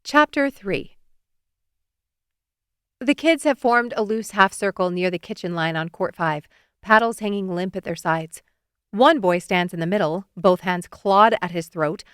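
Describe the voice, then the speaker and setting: A woman narrating a romance audiobook in the first person, expressive and giving feeling to the characters' lines. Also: medium pitch, a little slow, clear, resonant tone, dry recording, clean studio sound.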